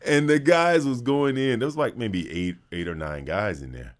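A man from with a bass voice, telling a funny story in an animated way. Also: moderate pace. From North Carolina, USA. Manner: lively, acts out the other people in his story. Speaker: guest.

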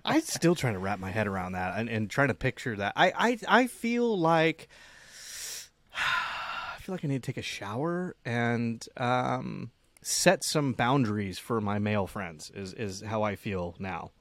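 A man's voice: mid-range voice, animated, unhurried, fairly bright tone, no room sound. A man co-hosting a podcast, teasing his partner in a dry, joking way on a close microphone. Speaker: podcast co-host. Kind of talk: casual podcast chat.

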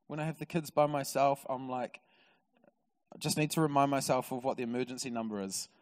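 A man with a New Zealand accent preaching a sermon in a church, an animated storyteller who swings from loud excitement to quiet, intimate moments. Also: medium pitch, brisk. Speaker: pastor. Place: large church hall. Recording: reverberant church hall.

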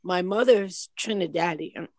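A woman's voice: on the low side, measured pace, dry recording. Woman co-host, chatty storyteller, dry close studio sound. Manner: animated storyteller, lively acted quotes. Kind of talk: casual chat, storytelling.

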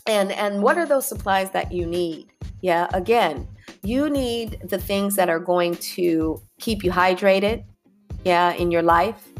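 A woman hosting a motivational podcast, talking in an encouraging, repetitive way and often saying "y'all". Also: mid-range voice. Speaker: podcast host.

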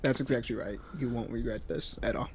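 A man's voice: mid-range voice, a little fast, creaky, a bit bright, breathy edge. A young man co-hosting a podcast, talking bluntly and profanely with joking bursts of mock anger. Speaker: podcast co-host. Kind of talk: casual podcast chat.

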